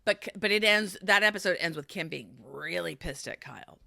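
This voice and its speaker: A woman co-hosting a podcast in casual chat, retelling a show with animated storytelling and acted-out quotes. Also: on the low side, normal speed, vocal fry, no room sound, studio quality. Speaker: podcast co-host recapping a reality show.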